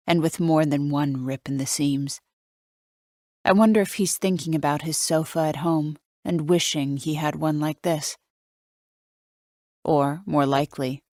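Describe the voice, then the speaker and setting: Low-voiced woman reading a thriller. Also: dry recording, studio quality. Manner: wry, measured storytelling. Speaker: audiobook narrator. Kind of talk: first-person audiobook narration.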